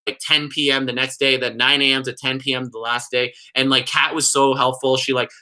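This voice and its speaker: A man's voice: mid-range voice, flat delivery, fairly quick, sharp tone. A young man telling a long, rambling story in casual chat, filling his talk with "like" and "you know". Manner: rambling, heavy use of "like". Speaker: vlogger.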